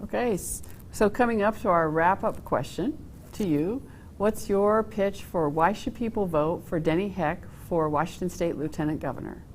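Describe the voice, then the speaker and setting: A woman interviewer with a somewhat low voice. She puts her questions plainly and directly, sometimes restarting a phrase. Faint background noise and a low rumble sit behind her. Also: moderate pace. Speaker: interview host.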